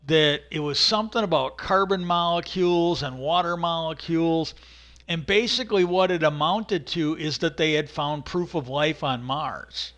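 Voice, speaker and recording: A man's voice: fairly high pitch, pushed and bright. A middle-aged man hosting a livestream, telling a long, meandering story in casual chat and acting out the people he quotes. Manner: meandering, acts out quoted voices animatedly. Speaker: livestream host.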